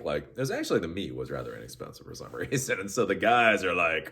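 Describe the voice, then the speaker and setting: A man's voice: low-pitched, big pitch swings, fairly quick, a bit bright. A man hosting a podcast, telling a rambling story in a casual monologue with frequent restarts. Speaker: podcast host.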